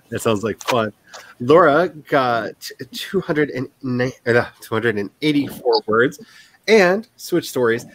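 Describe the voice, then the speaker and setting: Chatty, laughing writing stream host. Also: male voice, mid-range voice, animated, takes it slowly, a bit bright, slight background noise, poor audio. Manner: chatty, laughs often, self-mocking. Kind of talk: casual group chat on a live video call.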